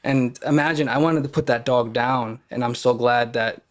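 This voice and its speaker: A man as a podcast guest, telling a personal story in a casual, earnest way, halting often and restarting his sentences. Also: mid-range voice, steady tone.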